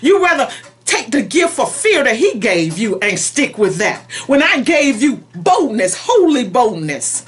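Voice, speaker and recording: A woman preacher delivering a prophetic message spoken in God's voice, pleading and emphatic, shifting between soft and forceful. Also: fairly high pitch, very animated, measured pace.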